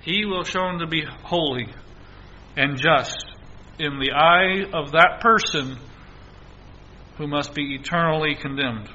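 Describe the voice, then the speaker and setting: A man's voice: on the high side, slow pace, pauses often, pushed and bright, dull audio, a little hiss or hum. A male preacher giving an earnest sermon, exhorting his listeners and repeating key phrases.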